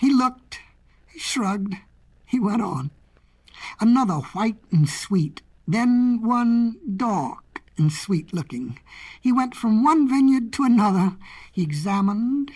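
A woman narrating storybook fables in a playful, expressive way. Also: a little high, takes it slowly, husky.

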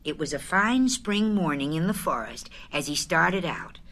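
A woman narrating a storybook chapter aloud in an expressive, unhurried way. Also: sits low.

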